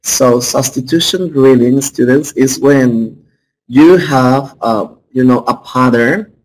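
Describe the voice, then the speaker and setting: A man's voice: mid-range voice, a little mellow, rough recording. Male teacher checking "okay?" between points. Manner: checks understanding with frequent "right?" and "okay?"; calls on students by name. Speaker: English teacher. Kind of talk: classroom lecture.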